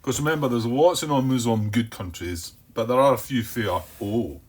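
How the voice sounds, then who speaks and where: A man talks through a solo board game, reasoning aloud in a hesitant, self-questioning way. He repeats words as he goes and tells himself to calm down by name. His voice sits at an ordinary, middle pitch. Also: normal speed, husky. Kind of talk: thinking-aloud playthrough commentary.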